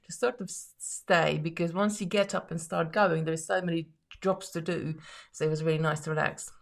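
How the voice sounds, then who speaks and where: Chatty woman with a lowish voice. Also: steady tone, normal speed, vocal fry. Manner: chatty, reads viewer comments aloud, laughs often, many restarts. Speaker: live stream host making jewellery. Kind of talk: casual live stream chat.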